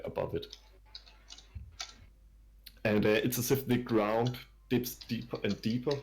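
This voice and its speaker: A man's voice: on the low side, vocal fry, darkish tone. A man narrating a tabletop game as dungeon master, describing scenes in a hesitant way full of fillers.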